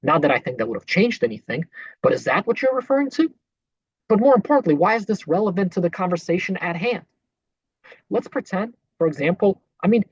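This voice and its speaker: Over a series of clips, a podcast host talks back with sarcastic, indignant political commentary. His husky voice is medium in pitch, and the recording is dull, lo-fi and dry, without any echo or surrounding room.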